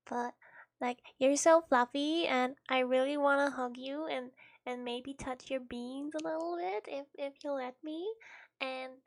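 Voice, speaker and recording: Streamer lady putting on a high-pitched valley girl, gushy superfan, stammery and slow, rambling. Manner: breathless rambling with stammered restarts. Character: gushing valley-girl superfan, young woman. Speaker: streamer voicing a character.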